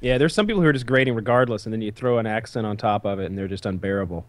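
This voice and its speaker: A man's voice: on the low side, rapid-fire, no echo. A man from the American South who talks casually, rambling and restarting his sentences as he chats. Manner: rambling, self-interrupting storyteller. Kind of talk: casual chat.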